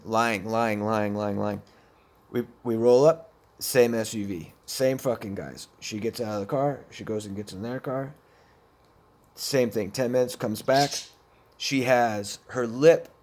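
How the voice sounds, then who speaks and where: A man telling a personal story about addiction in a blunt, profane way, with many restarts. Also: mid-range voice. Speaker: speaker sharing addiction experiences. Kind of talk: personal storytelling, recovery talk.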